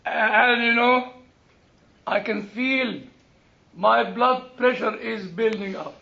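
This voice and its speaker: Man, sermon, very high pitch, humorous storytelling, dull lo-fi recording. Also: slow, creaky. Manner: animated, humorous storytelling with quoted exchanges. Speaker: preacher.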